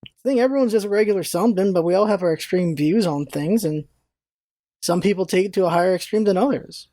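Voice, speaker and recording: A woman ranting in a casual vlog, animated and exasperated, laughing often and swearing freely. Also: lowish voice, fast talker, no echo, clean studio sound. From United States. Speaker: vlogger, show host.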